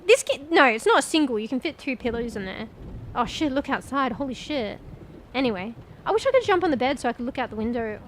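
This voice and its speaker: A woman with a fairly high voice talking her way through a game for her stream. She rambles and thinks out loud as she explores, talks straight to her viewers, and drops casual swears along the way. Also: animated, fairly quick, rough recording. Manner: chatty, addresses viewers directly. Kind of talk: casual gameplay commentary.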